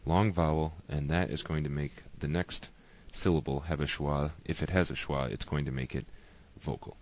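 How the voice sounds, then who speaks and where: A man giving a patient, explanatory lesson, slowly repeating each example word. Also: rumbling low, fairly even intonation. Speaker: teacher.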